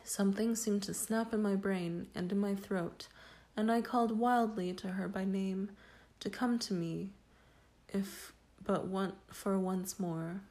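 Slow, mellow woman reading a story. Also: mid-range voice, fairly even intonation. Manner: slow, measured, solemn delivery. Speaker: reader. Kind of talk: dramatic audiobook narration.

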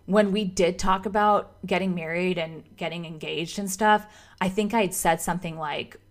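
A woman with a somewhat low-pitched voice recounts a personal story in a relaxed, chatty way. She gushes, restarts her sentences, and fills them with "like.". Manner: chatty and gushing, full of "like" and restarts. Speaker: vlogger telling her proposal story. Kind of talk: casual storytime chat.

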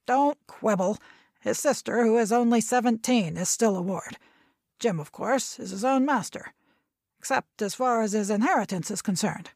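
A woman's voice: on the high side, moderate pace, a little mellow, no room sound, clean studio sound. A woman voicing an irritable, domineering grandfather in his nineties, lecturing sharply and impatiently.

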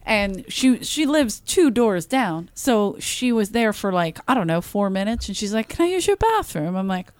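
A woman on a comedy podcast, telling a story in an animated way and swearing freely. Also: mid-range voice, unhurried, hardly any pauses, smooth, dry recording.

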